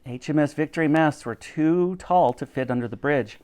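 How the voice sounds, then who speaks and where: A man reading a children's novel aloud with a dramatic, animated delivery. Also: on the high side, normal speed, clear, resonant tone. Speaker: storyteller.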